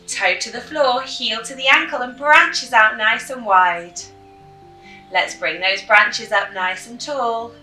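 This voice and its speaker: A woman leading a children's yoga class through a story, with gentle, encouraging instructions. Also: a little high. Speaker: kids yoga teacher. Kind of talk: guided kids yoga with storytelling. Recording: roomy, mic at a distance, soft music.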